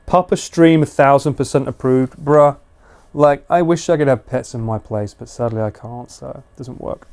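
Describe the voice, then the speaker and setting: A man's voice: medium pitch, moderate pace, a little mellow. A British man chatting casually and slangily with viewers on a live stream. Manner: chatty, laid-back, slangy.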